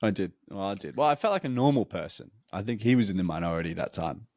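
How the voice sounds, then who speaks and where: A man co-hosting a podcast, chatting casually with quick reactions and frequent laughs. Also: on the low side, animated, a little mellow, no room sound, studio quality. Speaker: podcast co-host. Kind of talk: casual chat.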